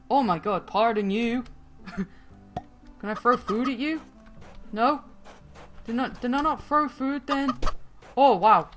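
A woman hosting a gaming channel, giving excitable let's-play commentary, swearing freely and laughing often as she plays. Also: a little high.

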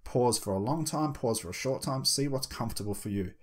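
A man teaching hypnosis, talking to the viewer and slowing down with deliberate pauses to show a hypnotic voice. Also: medium pitch. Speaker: hypnosis instructor. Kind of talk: instructional talk.

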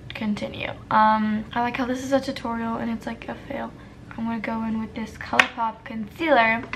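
A woman's voice: fairly high pitch, normal speed, vocal fry, slight background noise. A young woman talking her way through a makeup tutorial in a casual, self-deprecating and flustered way, muttering to herself. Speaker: beauty vlogger.

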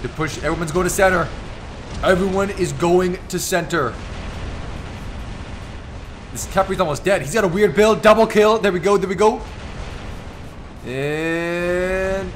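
A man giving excitable live commentary over his own gameplay, teasing and taunting the opponents as he plays. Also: sits high, measured pace, pauses often, a little hiss or hum. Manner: excitable, trash-talking the enemies. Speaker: gaming YouTuber.

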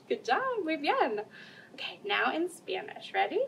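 A woman's voice: sits high, big pitch swings, slow pace, creaky, fairly bright tone, far from the mic, a little hiss or hum. A young woman children's librarian leading a bilingual story time, reading aloud and singing nursery songs with frequent laughter. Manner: cheerful, laughs often, sings nursery songs.

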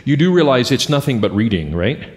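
A middle-aged man preaching a sermon as pastor, talking in a lively, conversational way and putting questions to the congregation. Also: medium pitch, fairly quick. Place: church sanctuary with congregation. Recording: long church hall reverb.

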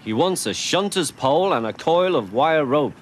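A man doing a brisk railway signalman. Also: on the high side, lively intonation, a little hiss or hum, pitched above the performer's own voice, close to an everyday voice. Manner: brisk, matter-of-fact.

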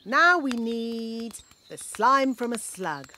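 A woman's voice: on the high side, sing-song, slow pace, over music. A woman voicing a bossy, blunt fairy nanny in a children's cartoon, lecturing and rudely frank. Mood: instructive. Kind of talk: cartoon voice acting.

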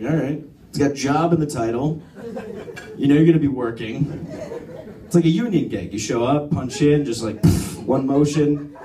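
A young stand-up comedian delivers a crude, rambling, self-deprecating set on a comedy club stage, in a voice on the high side and a little mellow. It was captured on a phone camera from far off in the audience, so the sound is roomy, with the crowd laughing in the background.

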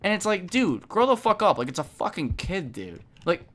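A young woman streaming a game, giving casual commentary with lots of swearing and sudden shouts. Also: lowish voice, normal speed. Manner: profane, excitable, frequent shouting.

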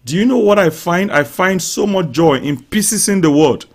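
A man preaching a sermon in a high-pitched voice for his build. He reads scripture calmly, then turns fervent, crying out, declaring and praying loudly over the people listening. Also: moderate pace. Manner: fervent preaching, rising to loud shouts; speaks in tongues and prays aloud over listeners. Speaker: pastor. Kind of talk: live-streamed sermon.

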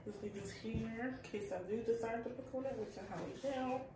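A woman's voice: on the high side, fairly even intonation, brisk. A woman chatting casually while eating on a food review show, playfully anxious about unfamiliar food. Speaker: co-host. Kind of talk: casual mukbang chat. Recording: echoey room, mic at a distance, noisy.

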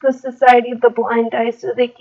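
A woman's voice: a little high, completely flat delivery, brisk, gravelly. A woman voicing a remorseful older brother who apologizes through tears, on a dull lo-fi recording. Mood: grieving. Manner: tearful, repeated apologies. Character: remorseful teenage older brother, grief-stricken.

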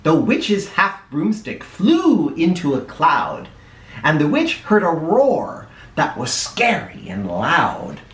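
A man reading a children's picture book aloud in a playful, animated way. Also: fairly high pitch, slow pace. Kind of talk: read-aloud storytelling for kids. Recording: echoey room, mic at a distance.

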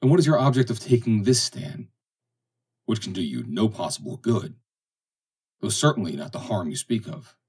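A man reading the lines of a stern, calculating ship captain in a measured, commanding way, as audiobook dialogue. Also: lowish voice, animated, a little mellow, breathy edge, far from the mic, voice pushed up. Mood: probing.

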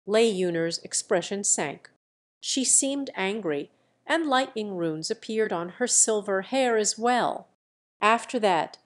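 Woman narrator for a serialized fantasy audiobook, mid-pitched, steady even reading. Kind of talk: scripted narration of a translated web novel.

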